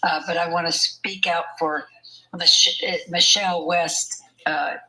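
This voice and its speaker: A woman's voice: fairly low pitch, steady tone, measured pace, sharp tone, a little hiss or hum, poor audio. An older woman telling her story in an interview, chatty and often laughing as she talks. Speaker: interview guest. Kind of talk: conversational storytelling.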